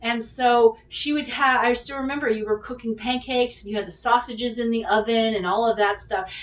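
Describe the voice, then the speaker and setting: A woman's voice: on the high side, normal speed. Foul-mouthed woman telling a story in an echoey room. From California Bay Area. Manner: profane, animated, addresses viewers directly. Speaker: vlog host. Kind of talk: casual storytelling. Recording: echoey room, mic at a distance.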